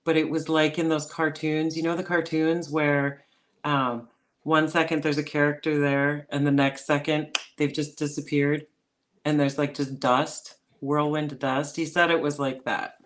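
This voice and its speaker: A woman's voice: low voice, level tone, unhurried. Chatty woman telling a story. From northern Minnesota. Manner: chatty storyteller, laughs often. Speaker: podcast co-host. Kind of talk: casual podcast chat.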